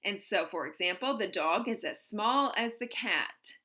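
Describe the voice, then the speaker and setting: A woman teaching a grammar lesson, walking through one example after another in a patient way. Her voice is bright and forward, and she speaks at an unhurried, deliberate pace. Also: mid-range voice, lively intonation. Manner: patient, explains step by step with examples. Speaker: German teacher.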